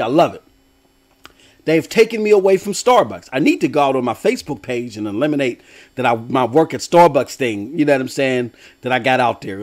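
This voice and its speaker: A middle-aged man hosting a casual gaming livestream, talking animatedly with slang and laughs. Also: on the high side. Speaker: host.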